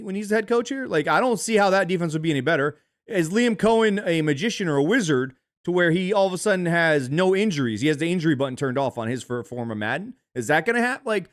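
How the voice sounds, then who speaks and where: A man's voice: high voice, no room sound, studio quality. A man co-hosting a sports podcast, ranting profanely and heatedly while reading viewer messages. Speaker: podcast co-host. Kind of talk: casual sports chat, reading super chats.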